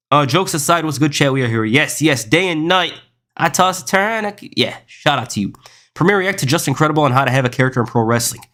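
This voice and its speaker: A man's voice: medium pitch, fairly bright tone. A young man streaming live, reading chat aloud and riffing on it in a rambling, casual way, often saying "bro" and "listen.".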